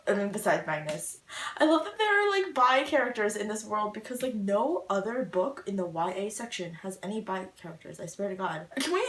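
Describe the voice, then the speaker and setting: Young woman, high voice, emotional rambling book vlogger; echoey room, a bit off-mic. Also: distant mic. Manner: rambling, emotional, gushing, lots of "like". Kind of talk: casual book reaction vlog.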